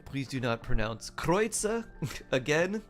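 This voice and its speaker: A man's voice: mid-range voice, expressive, normal speed, creaky. A man streaming a game, chatting casually, laughing often and reading his chat aloud. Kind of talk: casual gameplay commentary. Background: faint game music.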